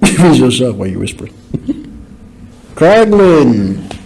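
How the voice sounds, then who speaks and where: Slow-talking man with a lively voice. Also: medium pitch, a little hiss or hum. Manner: joking, chatty asides. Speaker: podcast host. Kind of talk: casual movie commentary.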